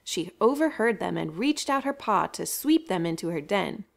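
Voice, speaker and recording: At a library story time, a woman tells a story straight to the children in a bright, animated way. Her voice is medium-pitched and gravelly, at normal speed.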